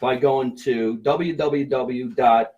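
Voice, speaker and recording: A man's voice: medium pitch, fairly even intonation, takes it slowly, a little mellow, muffled recording. A man hosting a casual comedy talk show, joking and plugging sponsors, recorded into a phone. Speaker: comedy podcast host.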